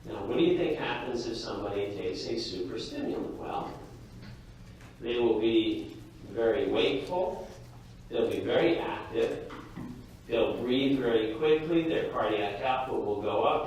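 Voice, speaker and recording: A male lecturer giving a lively, jokey classroom lecture and talking straight to his students. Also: medium pitch, slight background noise. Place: lecture hall. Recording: echoey hall from far off.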